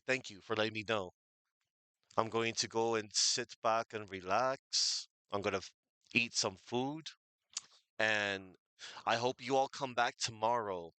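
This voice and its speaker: This man has a bright, forceful, mid-range voice, recorded with no echo. He's signing off a stream, rambling casually, thanking his viewers, and filling the chat with fillers.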